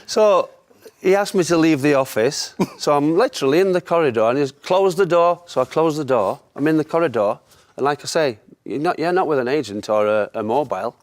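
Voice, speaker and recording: Lively storyteller. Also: male voice, on the high side, brisk. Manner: lively storyteller, laughs often. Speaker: former footballer, guest. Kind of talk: anecdote in casual chat.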